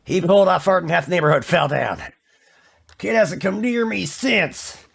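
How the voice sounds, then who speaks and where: A man's voice: high-pitched, animated, moderate pace, creaky, a bit bright, slightly rough, pitched above the performer's own voice, full character voice. A man doing a grumpy, crude old man. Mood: grumbling.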